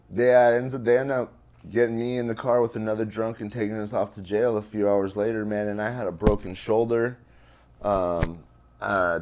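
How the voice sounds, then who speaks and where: On the low side and a little mellow, a male guest's voice carries a personal story told during an interview. He talks casually and loosely, with profanity and lots of fillers.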